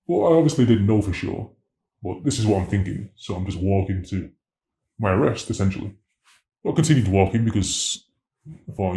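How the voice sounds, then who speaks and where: A man tells his story in an interview, slangy and animated, acting out every exchange. His voice is low and mellow and carries the echo of a roomy space. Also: brisk, long pauses. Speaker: interviewee, former drug dealer.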